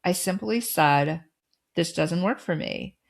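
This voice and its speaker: A middle-aged woman hosting a podcast, telling a personal story and giving advice in a calm, firm, direct way. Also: on the low side, takes it slowly, creaky. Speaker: podcast host.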